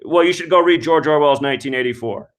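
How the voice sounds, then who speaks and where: A man's voice: a little high, quick pace. Male call-in host, contemptuous, foul-mouthed, ranting. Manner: angry, scornful, swears constantly. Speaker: radio show host. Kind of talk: profane call-in show rant.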